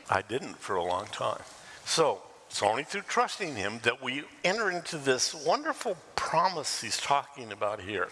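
An older man preaching a sermon as pastor, lively and animated, acting out quoted voices and laughing now and then. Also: mid-range voice, in a large hall.

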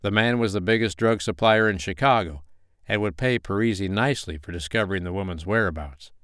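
Male audiobook narrator, steady reading, resonant voice, dry close mic. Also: fairly low pitch, brisk, clean tone, no echo. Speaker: audiobook reader.

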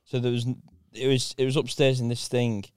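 A man's voice: mid-range voice, flat delivery, a little fast, darkish tone, clear, resonant tone. A comedian telling a story about a bad gig in casual chat, slangy and laughing as he goes. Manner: laughs through his stories, slangy. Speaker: stand-up comedian.

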